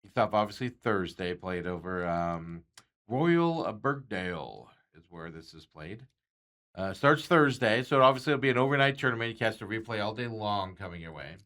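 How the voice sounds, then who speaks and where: A man's voice: on the low side, very animated, normal speed, a bit bright. A man hosting a sports talk show, chatting casually about bets and reading out viewer comments with frequent chuckles. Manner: rambling, chuckles often, reads out viewer comments. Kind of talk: casual sports betting chat.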